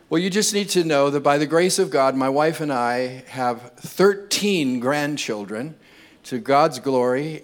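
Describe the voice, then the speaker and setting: An older man preaching a sermon, telling funny family stories and building to loud, impassioned appeals. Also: a little high. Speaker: pastor. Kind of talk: sermon with humorous storytelling.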